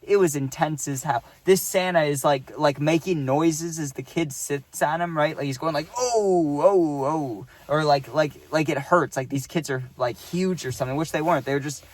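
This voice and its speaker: A man's voice: fairly high pitch, steady tone, normal speed, few pauses. A young man casually telling a workplace story, rambling and profane and checking in with "right?".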